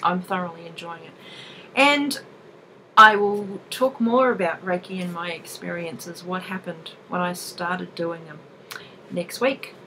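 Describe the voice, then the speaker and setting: A woman in her thirties telling a personal story to camera in a casual, expressive way, laughing often. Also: on the low side, measured pace, a little hiss or hum, low-quality recording. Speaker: vlogger sharing a personal experience.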